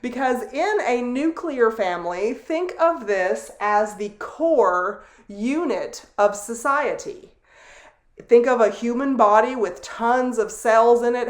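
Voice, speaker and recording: A middle-aged woman teaching a sociology lecture, explaining deliberately with asides and fillers. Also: fairly high pitch. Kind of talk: recorded classroom lecture. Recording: roomy echo.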